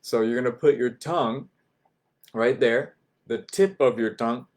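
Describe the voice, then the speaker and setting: A man teaching a language class, repeating each word slowly and patiently, often checking in with "right?" and "okay?". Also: medium pitch, a little mellow. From United States. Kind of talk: slow, patient vocabulary lesson.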